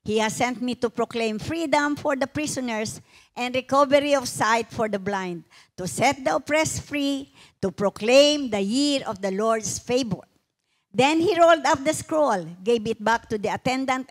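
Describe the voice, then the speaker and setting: A woman co-leads a sermon, reading scripture and then talking conversationally. Her voice sits somewhat high. She moves freely between Tagalog and English. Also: expressive, moderate pace. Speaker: pastor's wife, co-preacher.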